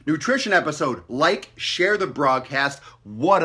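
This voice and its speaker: Male fitness vlogger, loud profane hype man, punchy tense tone. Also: medium pitch, normal speed, a little hiss or hum. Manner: profane, mocking, hyped-up. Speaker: fitness vlog host. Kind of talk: brash motivational rant.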